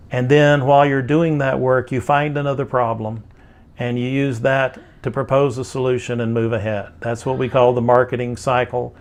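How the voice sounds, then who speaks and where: Plainspoken older Texan man lecturing. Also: medium pitch. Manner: plainspoken, folksy, with frequent fillers. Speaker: instructor. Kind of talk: recorded lecture.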